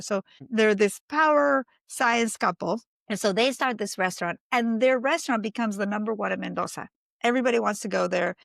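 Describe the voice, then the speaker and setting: A woman's voice: a little high, gravelly, no echo. A woman from Argentina, a winemaker guest on a podcast, telling stories with animation and acting out what others said. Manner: animated storyteller, acts out quoted voices. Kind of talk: casual interview talk.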